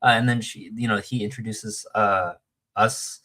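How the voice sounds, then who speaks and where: A man's voice: on the low side, fairly even intonation, moderate pace, sharp tone. A man telling a long story in casual chat, rambling with many fillers and restarts and acting out the quoted lines.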